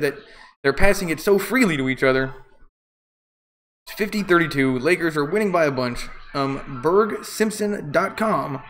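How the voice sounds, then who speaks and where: A man's voice: a little high, fairly bright tone. A man doing casual live play-by-play commentary, rambling and opinionated with jokey asides.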